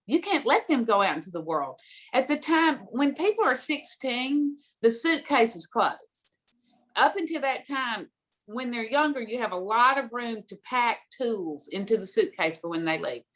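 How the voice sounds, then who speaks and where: A woman's voice: fairly high pitch, expressive, normal speed, a bit bright. Middle-aged woman guest, direct and emphatic, storytelling advice. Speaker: guest speaker on money.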